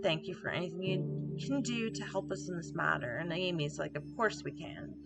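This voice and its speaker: A woman with a low, gravelly voice plays through a story game, reading its emails aloud and tossing in casual remarks. Game music plays behind her. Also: moderate pace. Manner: reads on-screen emails aloud with casual asides. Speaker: let's play gamer. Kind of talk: casual gameplay commentary.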